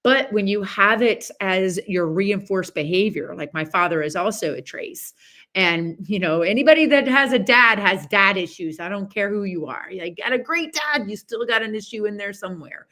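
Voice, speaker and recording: Chatty animated woman giving motivational talk. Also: medium pitch, normal speed. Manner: chatty and animated, many restarts and asides. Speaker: podcast host. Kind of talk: casual motivational monologue.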